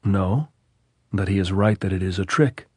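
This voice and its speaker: A man doing a calm, cautious lieutenant. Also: sits low, normal speed, breathy edge, dry recording, studio quality. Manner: quiet, reasoned.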